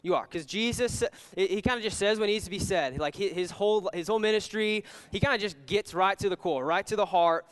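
A man's voice: high voice, a little fast, hardly any pauses, fairly bright tone. A young man giving a casual sermon as a youth pastor, rambling with lots of "like"s and restarts. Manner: rambling, filler-heavy, with many "like"s and restarts. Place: church hall. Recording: long reverb of a large hall.

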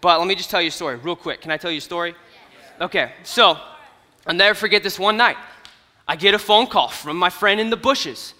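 A young man giving a comedic storytelling sermon at an event, animated and swinging from hushed to loud. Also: high-pitched, a little fast. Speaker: youth speaker at an event. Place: large hall at an event. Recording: hall reverb from a stage.

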